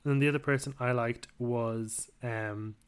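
A man co-hosting a casual podcast, relaxed and enthusiastic as he leads the review segments. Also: medium pitch, moderate pace, smooth. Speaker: podcast co-host. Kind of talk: casual chat.

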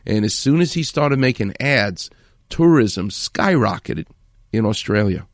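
A man's voice: on the low side, expressive, measured pace, dry recording, studio quality. A man hosting a show, retelling a story with enthusiasm and acting out quoted lines. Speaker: host. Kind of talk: storytelling commentary.

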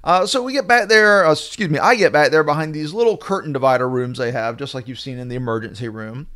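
A middle-aged man hosts his podcast with a wry, animated storytelling manner. His voice sits slightly high for a man. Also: fast talker, few pauses. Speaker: podcast host. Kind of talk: storytelling monologue.

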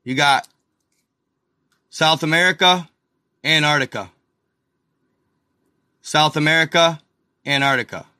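A man hosts a casual video, walking viewers through pictures with slow, unhurried talk. His voice is bright and a little high for a man, and the sound is dry and close. He keeps pointing things out in amazement and calling his audience y'all. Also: dry recording. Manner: addresses viewers as y'all, excited and incredulous. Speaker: video host. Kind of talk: casual screen-share commentary.

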